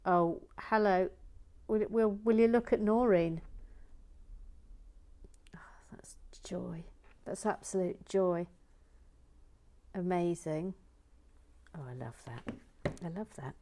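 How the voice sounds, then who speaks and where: A woman hosting a relaxed real-time LEGO build, murmuring to herself, often slipping into a whisper, and reading out viewer comments. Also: lowish voice, takes it slowly, long pauses.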